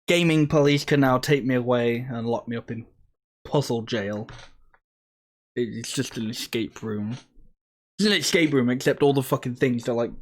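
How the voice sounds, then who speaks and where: A man streaming a puzzle game, chatting casually with rambling, sweary jokes and asides. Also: medium pitch. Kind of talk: casual let's-play commentary.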